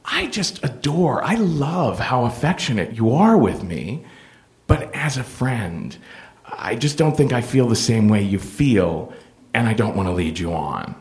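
Man doing a gentle young man, soft, hesitant, careful, unhurried. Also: medium pitch, sing-song, voice pushed down. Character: gentle young man letting a friend down kindly.

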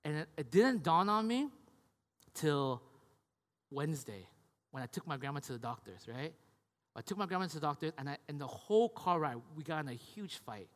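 A man's voice: a little high, sing-song, moderate pace, big-room sound. A male pastor preaching a conversational sermon, often restarting words and checking in with his listeners.

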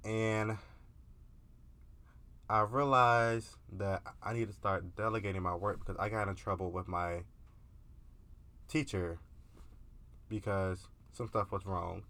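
A man's voice: lowish voice, fairly even intonation, slow pace, pauses often, pushed and bright. A young man vlogging in a candid, casual confessional monologue, profane and peppered with filler words.

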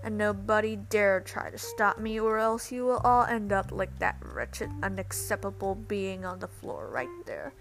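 A woman's voice: medium pitch, unhurried, few pauses, soft background music, lightly acted. Smug evil ghost witch, bragging and haughty, a woman reading her aloud. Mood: gloating. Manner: gloating, haughty. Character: boastful evil female ghost genius witch. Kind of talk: storybook reading.

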